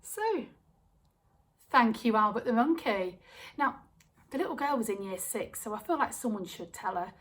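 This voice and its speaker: Lively young woman telling a comic story. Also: on the high side, moderate pace, pauses often. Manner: lively, acts out quoted voices.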